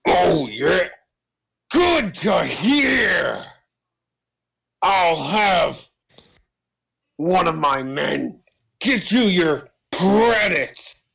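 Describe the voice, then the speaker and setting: A man's voice: sits high, big pitch swings, extremely slow, creaky, pauses often, fairly bright tone, breathy edge, pitched above the performer's own voice, full character voice. A man voicing an aging male crime boss and father who exclaims in a raised voice. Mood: pleased.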